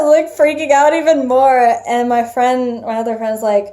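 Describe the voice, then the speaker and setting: A young woman vlogger telling a personal story casually, animated, full of fillers and swearing. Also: fairly high pitch, moderate pace.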